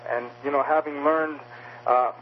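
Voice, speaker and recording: A man's voice: fairly high pitch, steady tone, measured pace, lo-fi sound, slight background noise. A male author interviewed about his book, speaking with frequent fillers and restarts. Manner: hesitant, many fillers and restarts. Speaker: author guest.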